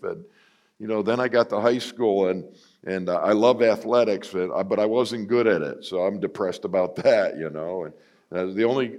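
A middle-aged man with a fairly low voice gives a sermon as personal storytelling. His delivery is casual and self-mocking, full of "you know" fillers. He acts out quoted lines with sharp leaps up in pitch. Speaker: guest preacher.

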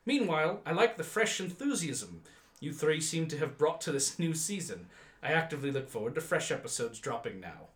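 A man's voice: a little high, sing-song, brisk, a bit bright, roomy sound. A man putting on a formal English letter-writer. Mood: courteous. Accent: put-on English accent. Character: polite, wordy male listener from England.

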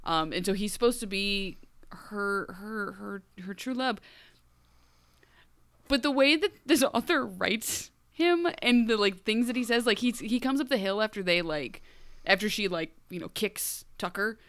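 A woman's voice: mid-range voice, expressive, a little slow, fairly bright tone. A woman in her late thirties, co-hosting a casual book club chat, rambling and laughing often. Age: 30s. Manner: rambling, laughs often, puts on voices for quotes. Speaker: podcast co-host.

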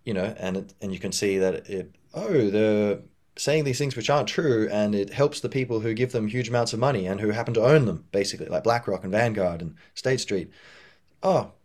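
A man with a fairly low voice hosts a solo podcast. He rambles casually, circling his points with frequent fillers and restarts. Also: brisk, a little mellow. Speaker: podcast host.

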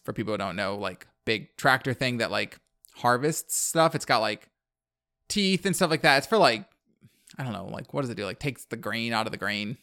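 A man's voice: medium pitch, bright, forceful tone. Rambling, chatty man recapping a film. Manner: rambling, heavy use of "like", laughs at his own recap. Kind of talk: casual chat recapping a movie.

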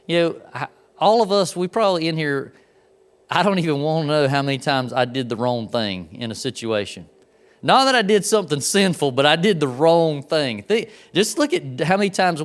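A man preaching a sermon in a conversational way, talking straight to the congregation and making asides to them. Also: on the high side. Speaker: pastor.

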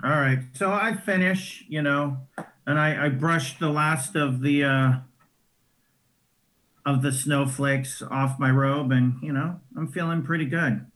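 Man, tabletop game player, casual, slightly high voice, small stumbles. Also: steady tone, unhurried, a bit bright.

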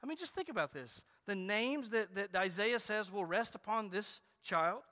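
A man preaching a sermon as a pastor, stressing key phrases slowly and emphatically. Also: sits high, lively intonation, sharp tone. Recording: reverberant hall.

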